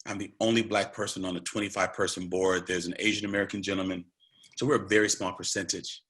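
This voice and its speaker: A man's voice: sits low, level tone, fast, a bit bright. A man giving an earnest, conversational online presentation, talking directly to a large audience and emphasizing key points.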